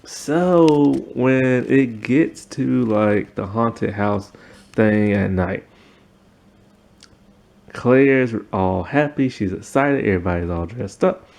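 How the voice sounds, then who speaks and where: Gravelly low-voiced man recapping casually. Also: darkish tone. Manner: rambling, filler-heavy retelling. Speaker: TV episode reviewer.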